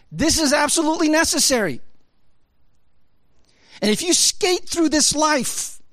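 Animated preacher, lively sweeping pitch. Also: male voice, no echo. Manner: animated, swings between loud high emphasis and low quiet asides; casual, conversational with frequent laughs and fillers. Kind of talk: sermon.

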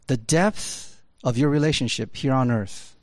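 A man preaching a casual, animated sermon, jumping from loud high emphasis to low quiet asides, with laughs and fillers. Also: unhurried, no room sound.

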